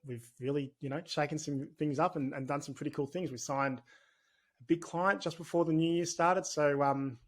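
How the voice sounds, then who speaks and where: An Australian-accented business owner appears as a podcast guest, chatting candidly and ramblingly in a casual interview. His voice is a little high, steady in tone, and moderately paced.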